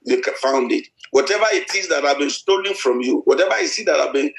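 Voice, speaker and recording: A man's voice: on the high side, animated, fast, vocal fry, a bit bright. A middle-aged man preaching a sermon, repeating himself with many hesitant restarts. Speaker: pastor. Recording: echoey church hall.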